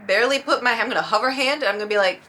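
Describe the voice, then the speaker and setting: Young woman vlogger, quick and bright, rambling and self-mocking, faint room hum. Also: fairly high pitch. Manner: rambling, self-deprecating, acts out her own reactions. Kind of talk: casual storytelling vlog.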